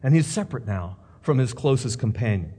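Emphatic preacher in a reverberant hall. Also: male voice, mid-range voice, animated, a little fast, dark tone, breathy edge. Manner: emphatic preaching with numbered points and rhetorical questions. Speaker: pastor. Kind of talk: sermon. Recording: long reverb of a large hall.

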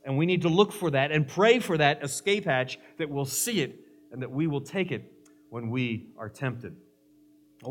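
A man's voice: medium pitch, a bit bright. A male pastor preaching a sermon, emphatic, mixing scripture with humorous stories.

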